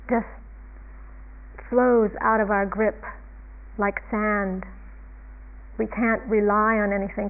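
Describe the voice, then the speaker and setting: A woman meditation teacher giving a dharma talk in a fairly high voice, reflective and unhurried, with frequent soft chuckles. The sound is narrow and tinny, like a phone line.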